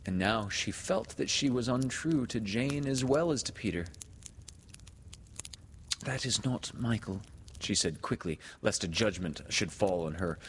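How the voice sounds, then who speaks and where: A man narrating a storybook in an unhurried, expressive manner. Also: on the low side. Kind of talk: audiobook narration. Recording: reverberant room, faint hiss.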